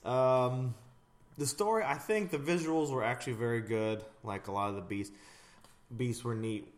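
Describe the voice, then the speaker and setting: An easygoing man co-hosts a relaxed podcast conversation about shows and movies. He rambles a little and his sentences tend to fade quietly at the end. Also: medium pitch, moderate pace. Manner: easygoing, rambling, trails off softly at sentence ends. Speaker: podcast co-host. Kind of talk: casual movie chat.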